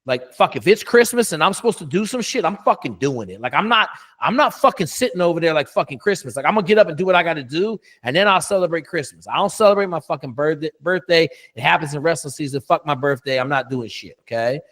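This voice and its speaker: A man's voice: fairly high pitch, expressive, fast talker, few pauses, fairly bright tone. A middle-aged man, a coach, telling a story in a casual interview, blunt and profane with lots of emphasis.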